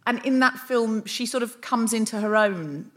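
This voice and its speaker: A woman hosting a live comedy podcast, teasing her guests with quick banter. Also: a little high. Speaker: podcast host. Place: live stage recording.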